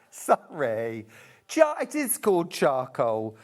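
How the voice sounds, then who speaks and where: A man's voice: a little high, expressive, takes it slowly. A man presenting a live shopping channel show, chatty and gushing as he demonstrates fabrics. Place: TV shopping studio.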